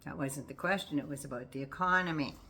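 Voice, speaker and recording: A woman's voice: low voice, quick pace, bright, forceful tone, slightly rough. An older woman giving casual, folksy political commentary to her viewers in a sassy, teasing way.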